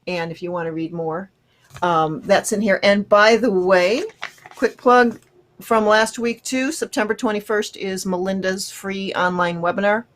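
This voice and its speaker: A woman's voice: medium pitch, fairly even intonation, measured pace. A woman co-hosting a radio talk show, casually plugging events and articles. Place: radio studio.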